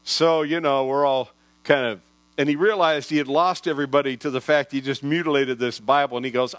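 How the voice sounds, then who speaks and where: A man's voice: mid-range voice, steady tone, a little fast, a bit bright, no room sound, poor audio. A man in his sixties preaching a sermon, folksy and rambling, often restarting his sentences. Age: 60s. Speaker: pastor. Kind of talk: sermon storytelling. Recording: dry with mains hum.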